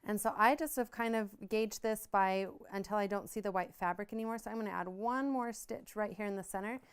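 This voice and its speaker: A woman's voice: mid-range voice, fairly quick, clean tone. A woman explaining embroidery stitches step by step in a friendly hands-on craft tutorial. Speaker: embroidery instructor.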